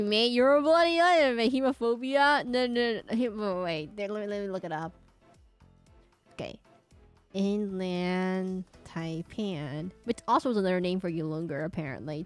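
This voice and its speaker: Woman, casual stream chat, self-interrupting, drifts into quiet muttering, faint music in background. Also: medium pitch, normal speed. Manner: rambling and self-interrupting, often laughing; drops to quiet muttering while drawing. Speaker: VTuber streamer.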